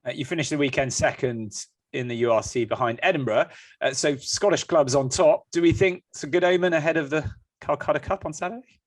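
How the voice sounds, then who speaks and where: A man's voice: a little high, a little fast, no room sound. A man hosting a rugby podcast, putting teasing questions to his co-hosts. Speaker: podcast host.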